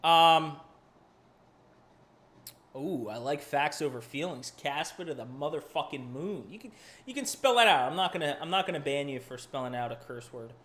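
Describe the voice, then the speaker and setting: A fairly high-voiced man hosting a live market stream. He talks in a loose, chatty way, swears casually and keeps apologizing while he jumps between charts. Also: lively intonation, moderate pace, fairly bright tone. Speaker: crypto livestream host.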